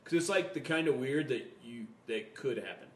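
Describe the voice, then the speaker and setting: A man's voice: mid-range voice, expressive, moderate pace. A man in casual podcast chat, rambling and swearing freely, with lots of fillers. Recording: roomy echo.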